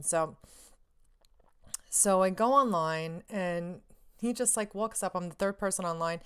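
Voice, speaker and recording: A young woman telling an excited story in a vlog, gushing and breathless, packed with "like" and restarts, laughing often as she talks. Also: fairly low pitch, unhurried, pauses often, clear, resonant tone. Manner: laughs often while talking. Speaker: vlogger.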